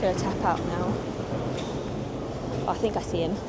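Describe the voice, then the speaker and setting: A woman's voice: on the low side, steady tone, unhurried, very noisy. A woman, vlogging in a rambling, casual way while walking outdoors through a city, a little out of breath, on a clip-on mic. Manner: chatty and rambling, with frequent ums. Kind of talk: casual walk-and-talk vlog. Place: outdoors on city streets and transit. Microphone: small clip-on mic.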